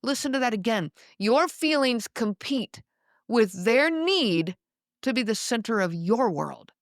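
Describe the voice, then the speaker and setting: A woman hosting a podcast, talking in a measured, explanatory monologue and slowing down to stress key words. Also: on the high side, dry recording, clean studio sound. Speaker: podcast host.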